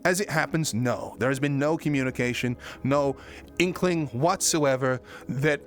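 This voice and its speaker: A man in a casual chat who swears a lot and rambles with many restarts. His voice jumps higher when he gets exasperated. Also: moderate pace, soft background music. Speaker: roleplay streamer recapping his character's story.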